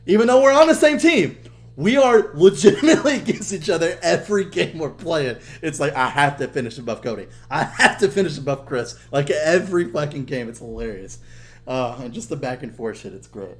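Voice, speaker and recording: A young man co-hosting a podcast, telling stories in loose, casual chat. His voice sits fairly high, and he swears freely. He turns loud and lively whenever he acts out what other people said. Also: brisk, slight background noise. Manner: animated, swears a lot, loud when quoting people. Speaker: podcast co-host.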